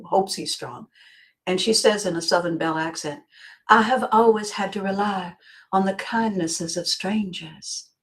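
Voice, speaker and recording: A woman hosting a podcast, musing aloud in a reflective self-help monologue, often circling back, repeating phrases and clearing her throat. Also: fairly low pitch. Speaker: podcast host.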